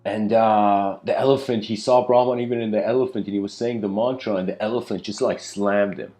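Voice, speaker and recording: A man giving a spiritual lecture in a casual, rambling storytelling way, full of "you know" and "like", slowing down to stress key points. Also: fairly low pitch, fairly even intonation, dark tone.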